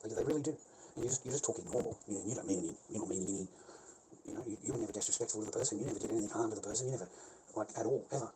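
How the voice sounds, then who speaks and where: This man talks very fast in a lowish voice with an Australian accent, rambling and cursing constantly. He repeats himself and laughs mid-sentence, with a noisy hiss running in the background.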